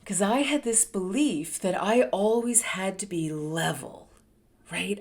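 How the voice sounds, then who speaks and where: A woman in her fifties hosting a talk, telling her own story in a candid, expressive way that dips into soft murmurs and rises with emphasis. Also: mid-range voice, a little slow. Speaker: host sharing a personal story. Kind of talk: reflective personal storytelling.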